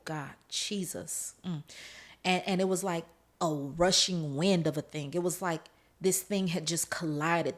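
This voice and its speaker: On her podcast, a woman addresses her listeners directly as she tells her personal testimony in a slightly low voice. Earnest and emotional, she laughs through the parts of the story that get tense.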